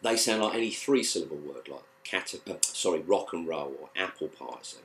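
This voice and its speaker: A man with a British accent teaching a guitar lesson, explaining in a relaxed, halting way with plenty of fillers and restarts. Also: a bass voice, a little hiss or hum. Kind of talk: casual spoken lesson.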